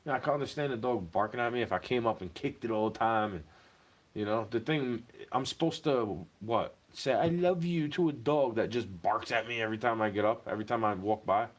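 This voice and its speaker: A vlogger with a lowish voice delivers a brisk, rambling, profane ranting monologue, his voice rising in agitated bursts before dropping back.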